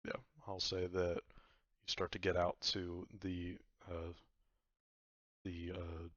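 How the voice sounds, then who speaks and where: A man's voice: low-pitched, completely flat delivery, slow, a bit bright, no echo, muffled recording. A man narrating a tabletop game as game master, rambling with lots of fillers.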